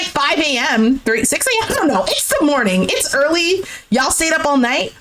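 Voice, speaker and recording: A young woman doing a recap of a dating show, reacting with exasperation and swearing, and acting out the cast's lines in a lower voice. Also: big pitch swings, normal speed, hardly any pauses, very noisy. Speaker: recap streamer. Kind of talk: animated reaction commentary.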